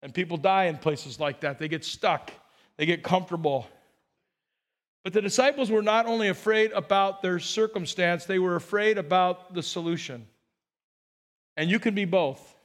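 Male pastor, high voice, lively sermon delivery, playful asides. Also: normal speed. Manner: animated, joking preacher with repeated restarts.

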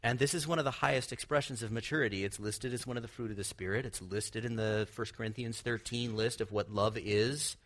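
A man's voice: mid-range voice, steady tone, a little fast, few pauses, fairly bright tone. A man preaching a sermon, teaching earnestly with rhetorical questions and the odd light laugh. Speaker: pastor.

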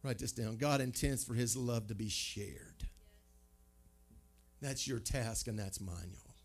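A pastor preaching a sermon, conversational and emphatic, full of rhetorical questions. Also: male voice, mid-range voice, takes it slowly.

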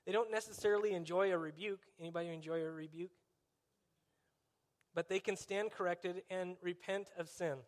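A man's voice: high-pitched, steady tone, moderate pace. A man preaching a conversational sermon, dropping in wry, sarcastic asides.

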